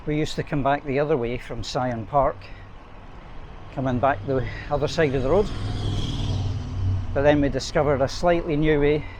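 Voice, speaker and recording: Riding his bike outdoors on a city road, a middle-aged head teacher tells wry, chatty stories to an action camera fixed to the bike for his casual vlog. His voice is on the high side and a little mellow, with a steady tone, moderate pace and long pauses. Faint traffic and street sounds come through in the background.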